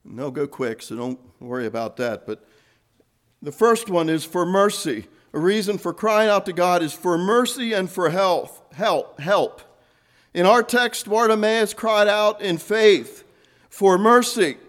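A man preaching a sermon, earnest, rising to fervent emphasis and then dropping soft. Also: sits high, a little slow.

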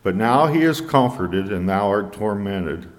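A man preaching a sermon in a measured way, quoting scripture in old English. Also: lowish voice, expressive, big-room sound.

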